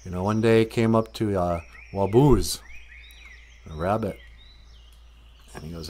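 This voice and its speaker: A man telling a folk tale outdoors in a relaxed, conversational way. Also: low-pitched, unhurried, long pauses. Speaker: storyteller. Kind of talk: casual oral storytelling.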